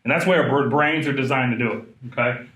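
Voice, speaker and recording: A man in his thirties giving a live trauma training talk, animated and conversational, often asking the room questions. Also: medium pitch, brisk. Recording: echoey room.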